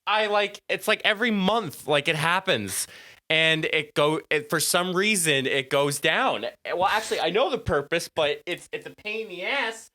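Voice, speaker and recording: A man's voice: fairly high pitch, moderate pace, sharp tone, no room sound, clean studio sound. A man co-hosting a comedy podcast in casual chat, playful and giggly, laughing often. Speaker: podcast co-host.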